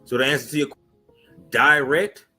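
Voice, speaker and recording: A man's voice: mid-range voice, fairly even intonation, moderate pace, rough recording. A male co-host on a talk show, speaking emphatically with punchy repeated phrases and pointed questions. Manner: emphatic, punchy, calls for action. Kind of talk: impassioned talk show commentary. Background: soft music bed.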